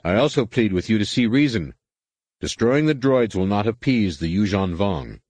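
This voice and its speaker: A gentle male clone warrior speaks calmly and earnestly, pleading for peace in a low voice, as a man reads him. The recording is dry and close, in the manner of an audiobook. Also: moderate pace, husky, no room sound.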